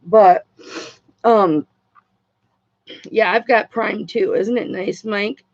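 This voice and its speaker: A woman selling items on a casual live stream, chatty and excitable, swearing casually as she talks to her viewers. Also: mid-range voice, slow pace, dry recording. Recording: dull lo-fi dry sound.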